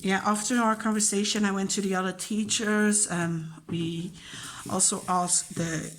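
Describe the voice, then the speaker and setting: A woman's voice: medium pitch, fairly even intonation, measured pace, slight background noise. A woman, a teacher chatting casually and openly about her job, with many fillers and acted-out quotes. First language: Dutch. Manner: chatty, emotional, acts out quoted dialogue. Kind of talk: casual chat.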